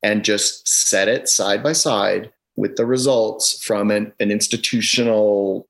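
A man's voice: on the low side, fairly even intonation, slow pace, creaky, rough recording. Emphatic man explaining data on a call. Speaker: education consultant, podcast guest. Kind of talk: podcast interview over video call. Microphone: video call.

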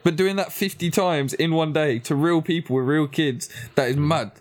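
A man's voice: fairly high pitch, moderate pace. A young man, talking casually, often hesitating and restarting his sentences. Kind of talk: casual chat.

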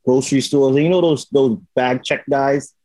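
A man in casual chat, telling a story in an animated way and acting out the lines of the people in it. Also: mid-range voice, normal speed, no echo, poor audio. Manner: animated storytelling, acts out quotes with swearing.

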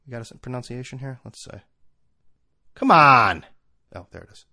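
A man hosting his own podcast at home on a desk microphone, ranting casually with profanity and sarcasm, swinging between low mutters and loud outbursts. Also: racing, vocal fry. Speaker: podcast host. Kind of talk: casual solo podcast rant. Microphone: desk microphone with camera.

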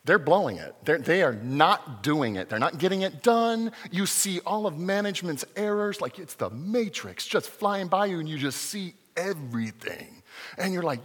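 A man preaching a sermon as a pastor, lively and joking, with acted-out quotes. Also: sits high, normal speed, slightly rough, in a large hall.

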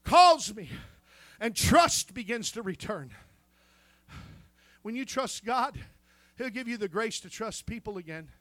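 Male Pentecostal preacher with a very high, bright voice who swings from shouting to a hush, close and dry. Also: animated, unhurried, long pauses, no room sound. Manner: swings from fervent shouting to hushed intimacy; exclaims hallelujah and amen. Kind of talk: Pentecostal sermon. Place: church.

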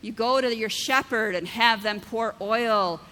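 Speaking in a large hall, a woman pastor delivers an unhurried, conversational sermon in a fairly high, sharp voice. Vivid everyday examples fill her talk, and she repeatedly asks "right?"

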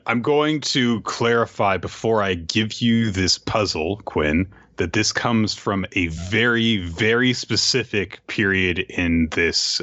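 The speaker, a man co-hosting a podcast, recaps a manga chapter casually and animatedly, rambling with many fillers and asides. His voice is lowish, and the dull recording carries no room sound.

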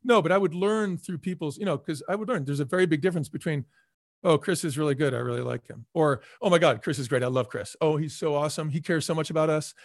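Middle aged guy, quick talker, animated interview stories, does little voices for people, dry close mic. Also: on the high side, no room sound. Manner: animated storyteller, acts out quoted voices, repeats words for emphasis. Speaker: former restaurant chain CEO, guest. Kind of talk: casual storytelling interview.

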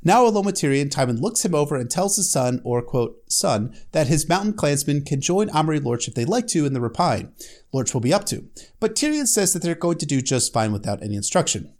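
Sarcastic guy recapping book chapters, swears a lot, pitch all over the place, laughs at his own bits. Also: brisk. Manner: lively, sarcastic, profane asides. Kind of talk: casual chapter recap with commentary.

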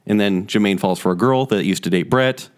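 A young man co-hosting a casual chat among friends, enthusiastic and quick to laugh. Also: lowish voice. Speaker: podcast co-host.

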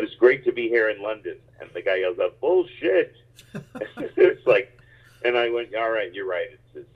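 Low husky man on a tinny line. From United States. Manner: animated, rambling anecdotes with many restarts. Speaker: stand-up comedian, guest. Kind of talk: casual interview storytelling.

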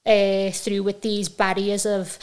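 A woman's voice: medium pitch, level tone, darkish tone, clear, resonant tone. Scouse woman in her forties. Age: 40s. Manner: candid, earnest, halting with repeats. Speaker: guest, managing director. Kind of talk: conversational podcast interview.

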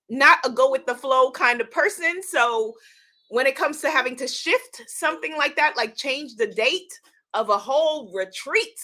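A woman with a high, bright voice hosts a casual livestream, chatting straight to her viewers. She talks in an excitable, gushing way. Her tone stays sharp and lively. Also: a little slow. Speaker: livestream host unboxing a tarot deck.

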